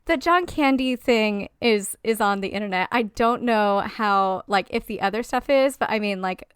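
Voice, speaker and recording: A woman co-hosting a podcast in casual film chat, animated, swearing freely and acting out quotes. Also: medium pitch, moderate pace, smooth, no echo, studio quality. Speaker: podcast co-host.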